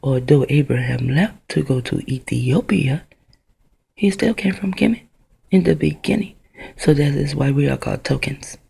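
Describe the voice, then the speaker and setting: A woman's voice: low voice, moderate pace, gravelly, warm tone, breathy edge. A woman talking into her own camera in a rambling, profane vlog monologue that drifts from one idea to the next. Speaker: vlogger.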